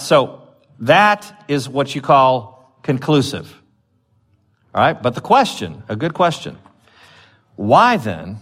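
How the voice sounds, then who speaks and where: A man's voice: a little high, a bit bright. A man preaching a conversational sermon, often stopping and restarting, with his voice lifting when he reads scripture aloud. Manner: chatty, with many fillers and restarts, rising when reading scripture. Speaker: pastor.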